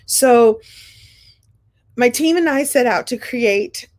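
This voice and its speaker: A woman in her fifties hosting her own show, telling a story in a casual monologue with warm, playful jumps in pitch. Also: expressive, slow pace. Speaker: show host.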